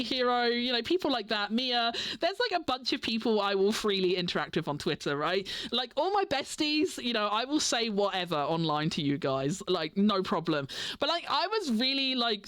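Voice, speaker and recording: A woman's voice: a little high, a bit bright, no echo. A young woman chatting casually on a livestream, rambling with many "like" fillers and frequent giggles. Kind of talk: casual chat stream.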